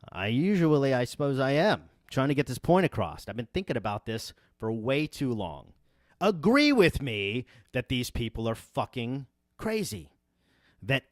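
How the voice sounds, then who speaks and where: A man hosting a livestream podcast, ranting in a heated, profane way that sounds like yelling. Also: medium pitch, dry recording, studio quality. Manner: profane, emphatic. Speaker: podcast host. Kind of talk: livestream rant.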